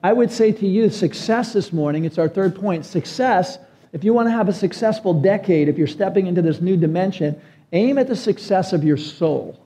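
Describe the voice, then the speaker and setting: A man's voice: high-pitched, lively intonation, normal speed, mellow. A man preaching a sermon as pastor, earnest and emphatic, his voice climbing on key phrases.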